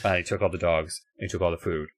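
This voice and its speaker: A man's voice: sits low, steady tone, quick pace. A young man co-hosting a podcast, riffing in casual comedic chat, rambling and profane. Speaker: podcast co-host.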